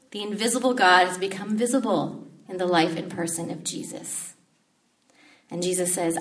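A woman delivers a storytelling sermon with warmth and animation. She slips into a higher, urgent voice when acting out the disciples' panic. Her voice is picked up from some distance away from the microphone. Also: normal speed. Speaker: preacher.

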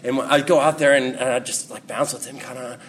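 A man in his thirties preaching a sermon in a slow, measured way, letting his phrases fall soft at the ends. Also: mid-range voice, fairly even intonation. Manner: slow, measured delivery with soft dropping endings. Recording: distant mic with faint room ambience.

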